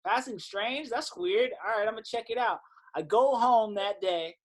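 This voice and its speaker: In a casual storytelling interview, a singer-songwriter guesting on a podcast spins animated stories, acting out quotes and swearing casually. His voice sits high and moves at a moderate pace.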